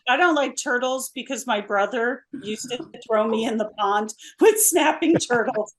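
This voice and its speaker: A woman pastor on a church podcast, chatting playfully and laughing easily. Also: on the high side. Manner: playful, giggly, quick reactions. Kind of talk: casual chat.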